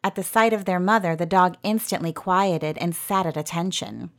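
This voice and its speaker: A woman narrating a fairy tale in a gentle storytelling manner. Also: on the low side, normal speed.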